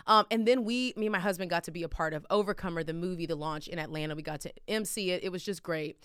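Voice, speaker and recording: A woman with a Texan accent hosting a faith podcast, talking in a loud, energetic and emotional way. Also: on the low side, fast talker, smooth, no echo, clean studio sound. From Texas. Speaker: podcast host. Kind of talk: casual podcast chat.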